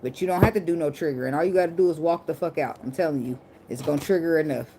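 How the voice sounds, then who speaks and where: A tarot reader with a low voice talks fast as she gives a casual reading to camera, indoors at night under a ring light. She's blunt, profane and joking, and clicks and shuffling cards are clearly audible in the background.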